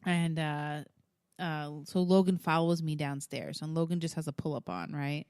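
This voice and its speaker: A woman's voice: deep voice, moderate pace, smooth, no echo, studio quality. A woman co-hosting a podcast, chatting casually as a mother and acting out what her family said. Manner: animated storytelling, acting out what family members said, frequent laughs. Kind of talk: casual chat.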